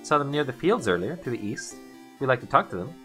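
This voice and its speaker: A man's voice: mid-range voice, big pitch swings, fast, fairly bright tone, soft background music. A man voicing a cheerful young housemaiden in a game, chatty and concerned.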